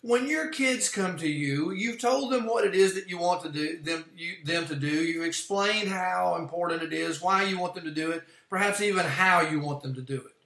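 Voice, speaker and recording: A man preaching a sermon, teaching from an outline in an earnest, measured way and explaining his points step by step. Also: high voice, gravelly, sharp tone. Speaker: pastor. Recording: echoey room.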